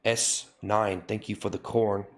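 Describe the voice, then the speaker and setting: A man with a fairly low voice, hosting a comedy live stream. He keeps scolding his chat over and over in a mock-stern tone. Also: steady tone, measured pace, a little hiss or hum. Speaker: livestreamer.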